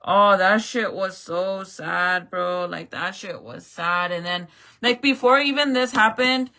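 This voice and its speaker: A makeup vlogger, a woman, recounts a story in casual, emotional chat, swearing freely and saying "like" and "bro" constantly. Her voice is medium in pitch, slow, and sharp in tone.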